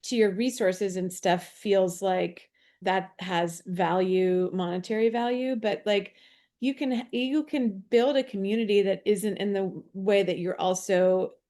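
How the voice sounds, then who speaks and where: Supportive woman co-host, mid pitch. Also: measured pace, mellow. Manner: affirming, supportive listener. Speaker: podcast co-host. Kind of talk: casual spiritual chat.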